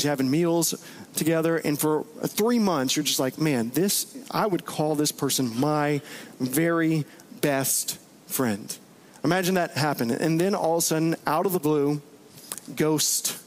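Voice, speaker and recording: Brief: male pastor, chatty sermon, voice a touch high. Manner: conversational, animated, rhetorical questions.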